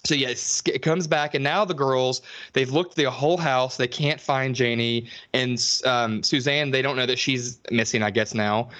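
A man co-hosting a podcast, recapping a film in casual chat, animated and sweary, acting out the characters in high voices. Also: moderate pace. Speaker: podcast co-host.

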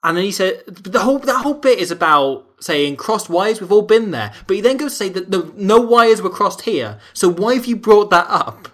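A man's voice: sits high, expressive, brisk, few pauses, fairly bright tone. A Welsh man co-hosting a casual chat, laughing often and reading an article aloud with mock drama. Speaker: podcast co-host.

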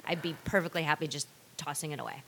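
Low, bright-toned woman host. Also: fairly even intonation, fast talker, slightly rough. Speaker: podcast host. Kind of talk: casual conversation. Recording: faint hiss.

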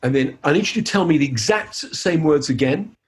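Animated man teaching. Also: on the high side, fairly quick. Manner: animated, upbeat, playful. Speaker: hypnotist giving a seminar. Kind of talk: live teaching demonstration.

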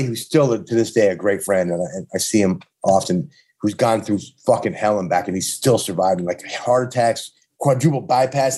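A touring punk musician with a New York accent guests on a casual chat, telling rambling, profane road stories from his touring days, full of restarts. His voice is medium-pitched, warm and slightly rough.

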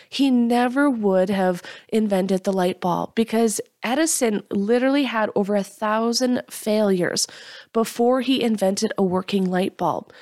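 A woman's voice: fairly high pitch, darkish tone, dry recording, studio quality. Earnest woman giving a motivational talk. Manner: earnest, encouraging, self-deprecating.

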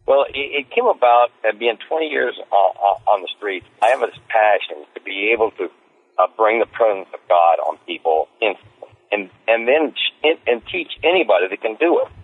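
A man telling stories as an interview guest, rambling and repeating himself as he gets excited. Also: fairly low pitch, normal speed, dry recording. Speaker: street evangelist guest. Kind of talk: casual interview storytelling. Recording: tinny phone line.

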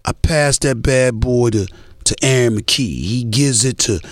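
A cocky young basketball star who talks through a possession in a relaxed, unhurried way, as a man imitates him. The voice sits close to the speaker's own register. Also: medium pitch, no echo, close to an everyday voice. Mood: breezy explaining. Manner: laid-back, walking through a play.

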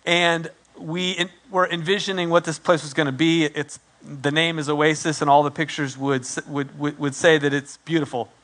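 A man in his forties, a pastor telling a story in his sermon, animated and self-deprecating, acting out what people said. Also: fairly high pitch, moderate pace.

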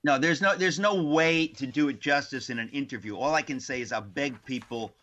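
Male author guest, bright forceful voice, slightly dull lo-fi sound, animated storyteller. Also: mid-range voice, a little fast. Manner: animated, many restarts and asides. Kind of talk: casual interview storytelling.

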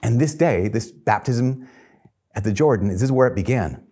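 A man's voice: mid-range voice, animated, normal speed, warm tone, husky. A man preaching a sermon in an earnest, conversational way, chuckling now and then.

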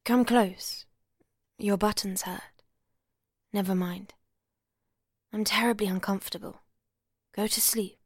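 A cool, evasive young woman, as a woman reading a novel voices her speaks briskly and often drops to a whisper. Her tone stays level and practical. The recording is close and dry. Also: mid-range voice, little pitch movement, no room sound, natural voice. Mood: soothing.

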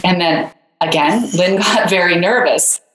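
Low woman's voice, guest author, chatty storytelling full of fillers, roomy echo. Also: a little slow, fairly bright tone. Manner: conversational, many "you know" fillers. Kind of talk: interview storytelling.

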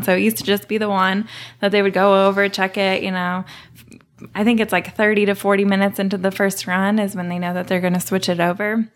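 A woman explaining her distilling work as a guest on an interview show. Her talk is casual and full of detail, with a few "you know"s scattered through. Her voice sits in a mid range. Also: mid-range voice.

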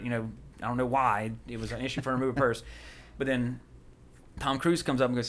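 A man rattles through a rambling story on a podcast. He talks quickly and casually, often breaking into laughter. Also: mid-range voice, steady tone, fairly bright tone. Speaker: podcast co-host. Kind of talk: casual chat.

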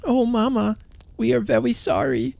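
A man's voice: extremely high pitch, fairly even intonation, moderate pace, gravelly, a little mellow, no echo, pitched above the performer's own voice, exaggerated voice. A man voicing a tender, earnest little boy in a storybook reading, raising his voice well above his own. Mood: sorry.

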